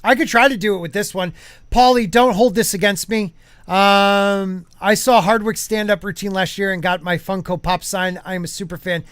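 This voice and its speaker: High-voiced rambling podcast host, man. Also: steady tone, normal speed, fairly bright tone, clean tone, no room sound, studio quality. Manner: rambling, many fillers and restarts, reads chat aloud. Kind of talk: casual live-stream chat.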